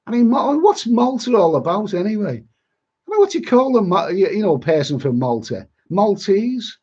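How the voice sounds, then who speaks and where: A man's voice: sits high, very animated, moderate pace, mellow, husky. A man from Liverpool with a Liverpool accent, rambling bluntly and grumbling through a casual live-stream chat as a travel vlogger. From Liverpool, England. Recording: dull lo-fi sound.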